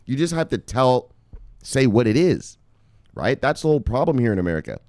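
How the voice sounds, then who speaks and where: Excitable, profane Canadian man ranting. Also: medium pitch, brisk, no room sound, studio quality. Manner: excitable, profane, repeats himself, addresses viewers as brothers. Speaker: crypto news vlogger. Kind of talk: animated profane crypto commentary.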